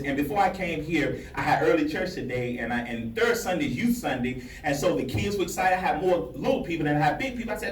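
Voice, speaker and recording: Male pastor and life coach, animated and playful, pulls the crowd in; recorded from a distance in a reverberant banquet hall. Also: on the high side, brisk. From Alabama. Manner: preacherly, playful, calls for audience shouts. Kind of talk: lively motivational speech to an audience. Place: large banquet hall with an audience. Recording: echoey hall, distant mic, audience noise.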